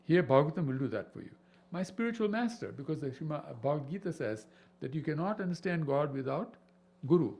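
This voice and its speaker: A man leads a devotional scripture class with a lively, swinging delivery and a slightly high voice. He keeps checking in with his listeners through rhetorical questions. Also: fast talker. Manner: animated, peppered with rhetorical questions. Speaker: spiritual teacher.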